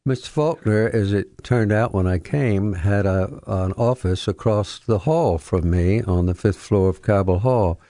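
Gravelly older man telling stories. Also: on the low side, warm tone, dry recording, studio quality. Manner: anecdotal, halting with many fillers. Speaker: guest, retired history professor. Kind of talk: radio interview storytelling. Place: radio studio.

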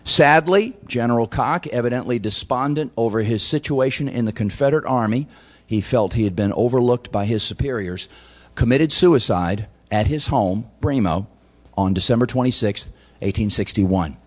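A man lectures on history to an audience in a voice of ordinary pitch. He tells it like a story and drops in wry asides along the way. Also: normal speed.

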